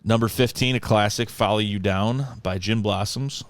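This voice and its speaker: A man's voice: lowish voice, fairly even intonation, normal speed, smooth. A man co-hosting a podcast, reading out a countdown list in casual chat and laughing often. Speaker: podcast co-host.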